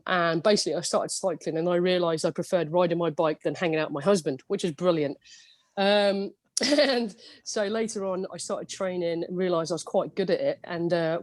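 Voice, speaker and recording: A woman's voice: lowish voice, darkish tone, no room sound. A woman in her thirties with a cold, chatting as a podcast guest and telling stories with a laugh. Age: 30s. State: has a cold. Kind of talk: casual podcast chat.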